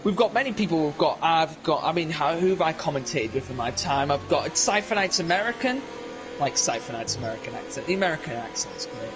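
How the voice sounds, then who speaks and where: A man's voice: fairly high pitch, sing-song, brisk, over music, low-quality recording. A young man casually chatting on a live stream while playing a racing game, rambling and answering viewers in chat. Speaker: racing league streamer and commentator.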